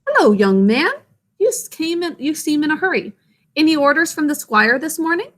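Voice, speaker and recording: A hearty, bustling brickmaker fires off brisk questions, as a woman reading a storybook aloud puts him on. The voice sits a little raised, in her own light register. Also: high voice, sing-song, pitched above the performer's own voice. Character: brisk grown man, a master brickmaker.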